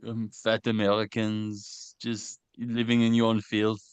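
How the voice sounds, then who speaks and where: A man's voice: on the low side, completely flat delivery, a little slow, clear, resonant tone, no room sound, lightly acted. Man putting on a mock French accent. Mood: mock-pompous. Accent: fake French accent.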